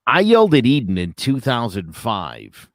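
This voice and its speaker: A man's voice: medium pitch, wildly swooping pitch, normal speed, no echo. A middle-aged man chatting casually on a podcast, telling a story in a wry, dry way. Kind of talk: casual chat.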